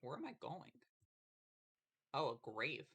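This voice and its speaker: A man's voice: fairly high pitch, sing-song, slow, bright, forceful tone, breathy edge. Wry, dry-humored man gaming. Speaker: guest playing the game. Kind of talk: casual stream chat.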